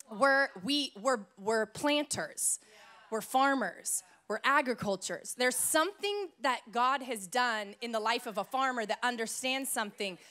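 Woman pastor from idaho, fairly high voice, preaching a sermon in church, chatty and playful, lots of stories. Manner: storytelling, playful and lively.

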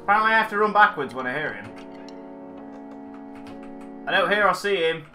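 A gamer giving let's play commentary on a horror game, excitable and jumpy, talking back at what is on screen. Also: medium pitch, fairly quick, faint music behind.

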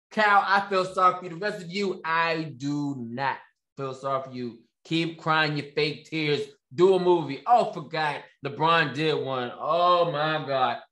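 A man's voice: high-pitched, a bit bright. A man hosting his own commentary show, ranting with sarcasm and repeating phrases for emphasis. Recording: echoey room.

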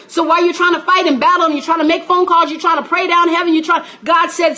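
Female preacher, high-pitched, emphatic teaching sermon. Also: steady tone, fairly quick, hardly any pauses, sharp tone. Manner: emphatic, repetitive, greets listeners by name. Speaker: minister teaching a class.

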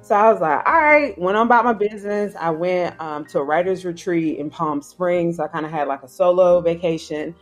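Lively woman telling a story. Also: fairly low pitch, brisk, few pauses, faint music behind. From South Carolina, US. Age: 30s. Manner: acts out quoted voices, slangy and emphatic. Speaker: guest filmmaker. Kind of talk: animated storytelling in casual chat.

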